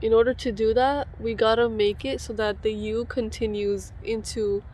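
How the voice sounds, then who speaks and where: A young woman chatting casually and excitably as she cuts her own hair in a home vlog, sprinkling in "like" often. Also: a little high, moderate pace, a little hiss or hum. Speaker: beauty vlogger. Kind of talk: casual tutorial chat.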